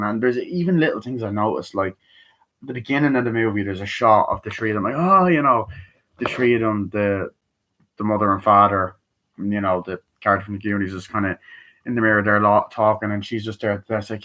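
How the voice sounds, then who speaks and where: Excitable young man reviewing a film. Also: fairly low pitch, a little fast, rough recording. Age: young adult. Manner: excitable, swears often, acts out scenes in raised voices. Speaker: movie reviewer.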